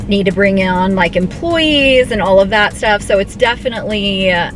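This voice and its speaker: Young female vlogger, casual and excitable, talking straight to a handheld camera over music. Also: mid-range voice, moderate pace, low-quality recording. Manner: chatty, excitable, many fillers and restarts. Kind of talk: casual vlog chat. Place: car, then store and home.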